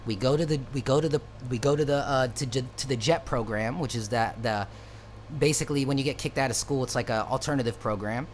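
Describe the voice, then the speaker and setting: A man's voice: mid-range voice, a little fast, a little hiss or hum. A man telling a personal story in a loose, profane, slangy way, with frequent restarts. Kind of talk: casual storytelling.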